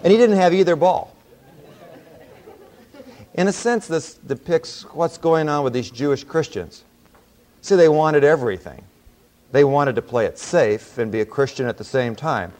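A man teaching a Bible class, explaining a book and telling folksy stories in a relaxed, conversational way. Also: fairly high pitch, moderate pace, pauses often. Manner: relaxed storytelling with folksy asides.

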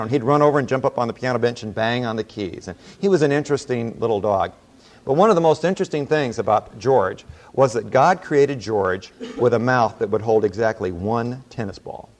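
A man lecturing on the Bible to a class, mixing explanation with homespun anecdotes. His voice sits at an ordinary middle pitch, and his delivery is easygoing and conversational. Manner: relaxed storytelling with folksy asides. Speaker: Bible teacher.

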